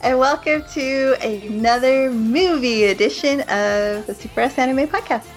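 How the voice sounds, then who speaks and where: A woman's voice: high voice, a little slow, soft background music. A woman hosting a casual podcast, laughing often between her remarks. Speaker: podcast host. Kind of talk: casual chat.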